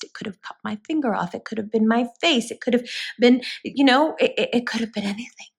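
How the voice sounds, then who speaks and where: A woman's voice: on the high side, brisk, gravelly, husky. A woman giving a spoken tarot reading, talking straight to her viewers in an earnest, reassuring way. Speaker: tarot reader.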